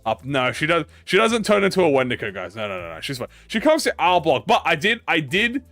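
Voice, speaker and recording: A man's voice: on the high side, wildly swooping pitch, fairly quick, a bit bright, no echo, soft background music. A young man, a gaming YouTuber, telling a rambling, profane anecdote in casual chat, with lots of restarts.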